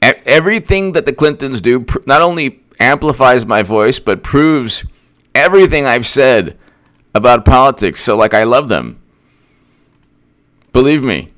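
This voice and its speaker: A man's voice: medium pitch, animated, moderate pace, fairly bright tone. A man giving a casual political commentary monologue, sarcastic and rambling, often restarting his sentences.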